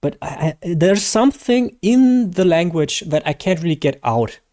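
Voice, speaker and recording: A man's voice: sits high, animated, normal speed, darkish tone. A man with a German accent chatting casually and rambling to viewers on a live game stream, his first language German. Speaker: gaming streamer.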